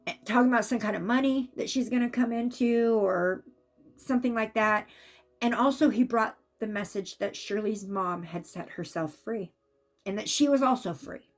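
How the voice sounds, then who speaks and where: An intuitive reader gives a casual spiritual reading in a somewhat high voice at a normal pace. She's chatty, growing animated whenever she acts out what the spirits are saying.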